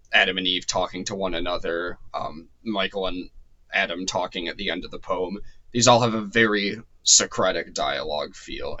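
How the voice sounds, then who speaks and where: A man's voice: deep voice, bright, forceful tone, rough recording. A man giving a casual spoken lecture, loose and chatty with many ums and restarts, his voice a little worn. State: slightly losing his voice. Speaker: course lecturer.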